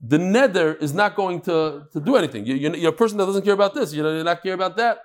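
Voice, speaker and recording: A man teaching a daily Talmud class, mixing Hebrew and Aramaic terms into lively English explanations. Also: quick pace. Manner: animated, jumping pitch and pace.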